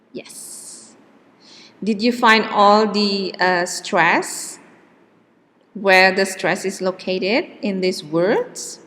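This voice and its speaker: Slow, careful woman teaching pronunciation. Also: mid-range voice, a bit bright, big-room sound. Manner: slow, drawn-out model words with hesitant fillers. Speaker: English teacher. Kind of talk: pronunciation lesson.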